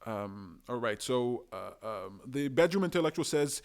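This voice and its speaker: A man's voice: medium pitch, normal speed. A young man giving casual, emphatic political commentary in a solo monologue, now and then acting out the people he talks about. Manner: animated, emphatic, acts out quoted voices.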